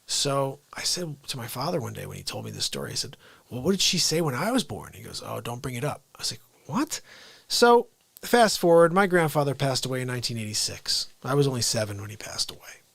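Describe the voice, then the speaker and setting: A man hosting a live show, telling family stories casually, swinging from loud outbursts to hushed asides. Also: medium pitch, big pitch swings, fast, creaky, dry recording. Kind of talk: casual live-stream storytelling.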